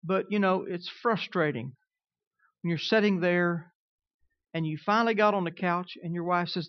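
Pastor guy preaching, gets loud then drops soft, kinda muffled dry sound. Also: high-pitched, normal speed, no room sound. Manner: preaching with swings between loud emphasis and quiet asides. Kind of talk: sermon.

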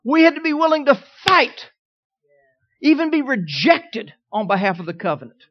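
A man preaching a sermon, telling a personal story in a folksy way, swinging from quiet asides to emphatic declarations. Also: very high-pitched, big pitch swings, normal speed, lo-fi sound. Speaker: pastor.

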